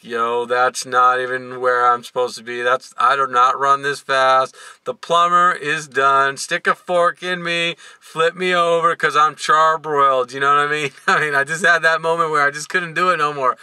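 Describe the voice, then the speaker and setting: A man's voice: medium pitch, measured pace, clear, resonant tone, no echo. A middle-aged man telling a story to camera in a casual, joking vlog, tired and yawning as he talks. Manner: animated and joking, laughing between lines. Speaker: vlogger.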